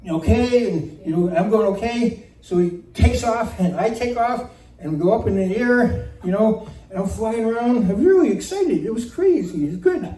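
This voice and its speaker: Brief: man, high soft dark voice, live storyteller, roomy off-mic sound. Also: recorded from a distance. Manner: animated, laughs through the telling. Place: community center room. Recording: roomy hall recording from off-mic.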